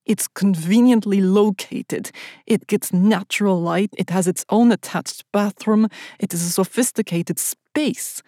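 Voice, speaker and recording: A woman voicing a curt, touchy man with a Russian accent in an audiobook, speaking in clipped, slow, deliberate lines. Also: medium pitch, mellow, no room sound, studio quality, natural voice. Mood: indignant. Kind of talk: audiobook character voice.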